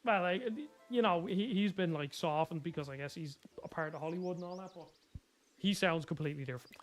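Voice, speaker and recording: A young Dublin Irish man with a high voice talks in a loose, rambling way, piling up fillers and correcting himself mid-sentence. Faint music plays quietly behind him. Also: a little fast. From Ireland. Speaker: gaming YouTuber. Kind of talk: casual chat.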